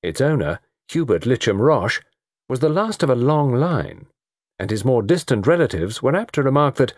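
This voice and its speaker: A man narrating a story in an expressive reading. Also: medium pitch, moderate pace, no echo, clean studio sound. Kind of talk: audiobook narration.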